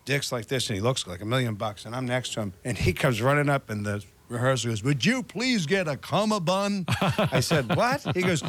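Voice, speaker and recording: A man's voice: mid-range voice, animated, quick pace, hardly any pauses, a bit bright. An older man hosting a casual chat, a jovial storyteller who chuckles often. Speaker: host.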